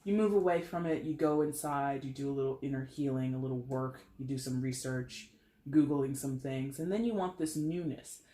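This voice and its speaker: A man giving a casual tarot reading, chatty and animated, swearing now and then. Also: mid-range voice, normal speed, echoey room. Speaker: tarot reader.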